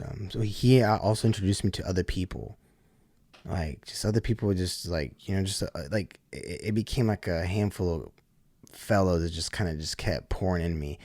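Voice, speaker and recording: A man's voice: deep voice, fairly quick, darkish tone, dry recording, studio quality. A man, a podcast guest, telling a story in a loose, slangy way and acting out the voices of the people in it. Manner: acts out voices in his stories, loose and slangy. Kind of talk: animated storytelling.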